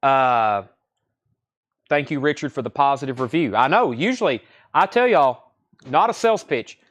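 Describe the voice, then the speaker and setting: A man runs a live online record sale, quoting prices in a loose, joking salesman's patter. His voice sits at a middling pitch for a man, and he keeps repeating his own catchphrases between items. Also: expressive, normal speed, fairly bright tone. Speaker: host selling records on a live stream.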